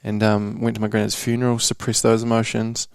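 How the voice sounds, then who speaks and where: A man's voice: on the low side, monotone, a little fast, clear, resonant tone, dry recording, clean studio sound. A young man from New Zealand telling a candid personal story on a casual podcast, slangy and swearing, calling the host bro. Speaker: podcast guest.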